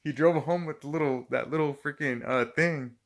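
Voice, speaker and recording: His voice sits on the high side and moves at a moderate pace as this middle-aged man shares work stories. Constant swearing and regular fits of laughter mark his animated, casual retelling.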